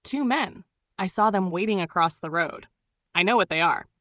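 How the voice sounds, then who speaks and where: Woman reader doing anxious young female scholar, hurried and earnest. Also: fairly low pitch, animated, sharp tone, no echo, clean studio sound.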